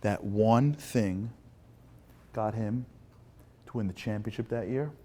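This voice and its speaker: A male motivational speaker tells a story to a crowd. He performs every exchange in the tale himself, dropping to a near whisper and then climbing to loud, excited questions aimed at the audience. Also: lowish voice, slow. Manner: acts out dialogue, swings from hushed to loud and animated. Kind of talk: storytelling talk to a live audience.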